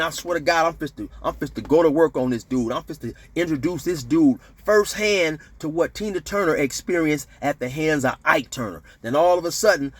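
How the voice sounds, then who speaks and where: A man spinning a prison yarn in relaxed slang, building the action with shouted sound effects. His voice sits in an ordinary middle pitch, casual and conversational between the bursts. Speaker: storyteller recounting prison life. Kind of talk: casual storytelling to camera.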